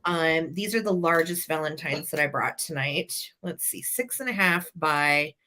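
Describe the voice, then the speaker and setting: Bright-voiced woman showing vintage items. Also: low-pitched, unhurried, a little hiss or hum. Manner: chatty, enthusiastic, describes items warmly. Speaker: live sale co-host. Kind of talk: live sale product chat.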